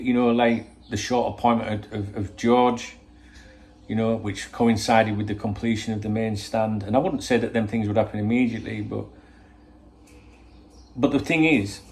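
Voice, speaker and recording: A man hosting a football channel, talking in a rambling, swear-laden opinion monologue full of rhetorical questions. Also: medium pitch.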